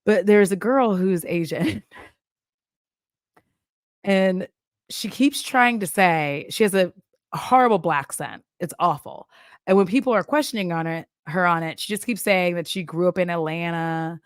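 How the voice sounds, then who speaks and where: A woman's voice: lowish voice, a little slow, no echo. Woman host, casual commentary, laughs a lot, goes off on tangents, dry close recording. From Texas. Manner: chatty, laughs often, tangents and asides. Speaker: commentary YouTuber.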